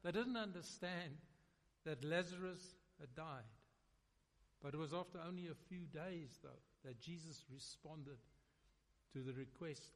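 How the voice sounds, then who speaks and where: A man preaching a sermon, dramatic, swinging between loud emphasis and hushed, quiet lines. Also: a little high, unhurried. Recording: long reverb of a large hall.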